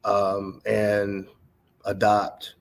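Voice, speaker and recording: A man from North Carolina, a podcast guest who introduces himself in a measured way with many pauses and ums. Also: lowish voice, monotone, vocal fry. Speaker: guest, adjunct professor and content developer. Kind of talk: podcast interview.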